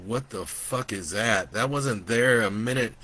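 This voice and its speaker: A man's voice: fairly low pitch, measured pace, bright, forceful tone. A man voicing a hungover, foul-mouthed grown man who swears and stammers in panic. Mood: frightened.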